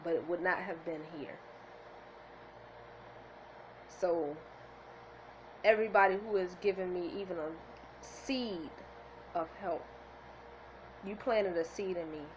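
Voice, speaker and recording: In a heartfelt motivational vlog filmed on a handheld camera, a woman talks sincerely to her viewers, almost crying with joy. She has a lowish voice at a moderate pace with long pauses, and the poor-quality audio carries slight background noise.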